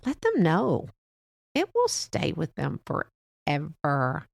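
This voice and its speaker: Gravelly woman in her sixties, rambling podcast. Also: sits low, wildly swooping pitch, slow pace, dry recording, studio quality. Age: 60s. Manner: rambling, heartfelt, prone to chuckles. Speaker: podcast host. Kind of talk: casual solo podcast monologue.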